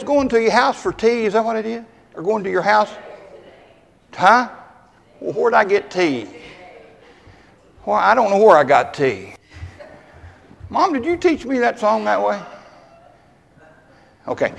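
Folksy high-voiced preacher in a church hall. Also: male voice, expressive, moderate pace, creaky, pauses often. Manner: folksy, conversational preaching that banters with the congregation. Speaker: pastor. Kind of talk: sermon.

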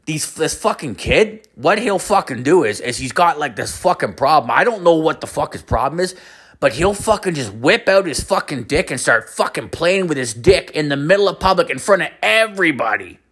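A man voicing a crude, excitable young coworker in a raised, animated voice, swearing constantly. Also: a little high, normal speed, husky, pitched above the performer's own voice, full character voice. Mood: excited gossip.

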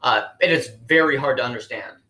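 A man's voice: medium pitch, a little fast, sharp tone. Stammering, incredulous man host. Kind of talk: improvised comedy interview. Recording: roomy echo.

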